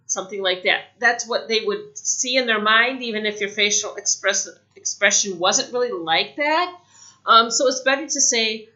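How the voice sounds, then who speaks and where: A woman giving a casual spoken English lesson, chatty, saying example phrases slowly. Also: on the high side, animated, pushed and bright, muffled recording. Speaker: English teacher.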